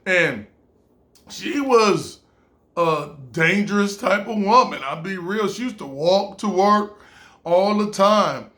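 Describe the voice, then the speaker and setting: High-voiced man telling a rambling story. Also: lively intonation, slow, a bit bright. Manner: rambling, with fillers, restarts and acted-out quotes. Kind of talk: casual personal storytelling.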